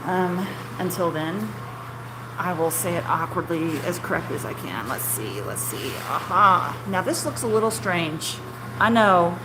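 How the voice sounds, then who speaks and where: A woman's voice: lowish voice, measured pace. A woman who runs a small marshmallow business, telling stories in a casual, rambling, self-deprecating way while cutting candy in her kitchen. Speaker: small-batch marshmallow maker and shop owner. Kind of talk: casual chatty storytelling while working. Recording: steady ambient background noise.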